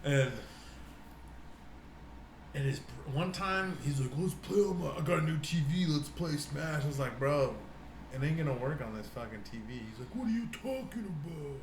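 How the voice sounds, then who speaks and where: A young man co-hosts a casual podcast, telling long rambling stories full of swearing and acted-out quotes. His voice sits a little high. The room is echoey, with a faint hiss underneath. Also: normal speed. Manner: rambling storyteller, swears a lot, acts out quotes. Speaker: podcast co-host. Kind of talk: casual chat.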